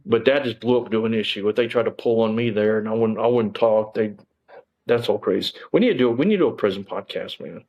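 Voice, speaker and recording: A man's voice: lowish voice, fast, dull audio. A middle-aged man, telling his story as an interview guest, bluntly and emphatically, with plenty of cursing and fillers. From Texas.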